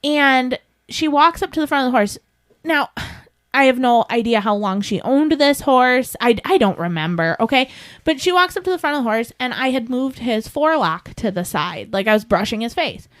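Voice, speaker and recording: A woman co-hosting a podcast, animated and laughing often as she tells a story, speaking close to the mic. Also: high voice, normal speed, dry recording. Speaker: podcast co-host and horse trainer. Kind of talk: casual storytelling chat.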